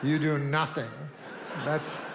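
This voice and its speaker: A man doing a stand-up routine, deadpan and rambling, with long meandering setups and offhand asides. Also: on the high side, noisy background. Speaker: stand-up comedian. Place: comedy stage before a live audience. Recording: live room reverb, faint ambience.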